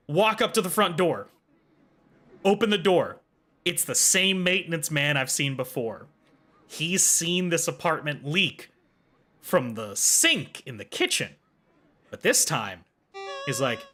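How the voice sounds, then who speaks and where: Male streamer, comic casual storyteller, bright tone, very lively pitch. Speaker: livestreamer. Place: home.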